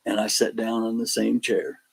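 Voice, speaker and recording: This is a man with a low, gravelly voice. It has a husky edge, and he tells his stories in a loose, conversational way. He acts out every line of dialogue with animated energy. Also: normal speed, low-quality recording. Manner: animated storyteller, acts out quotes, laughs between lines. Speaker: paranormal investigator guest. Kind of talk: casual storytelling on a podcast.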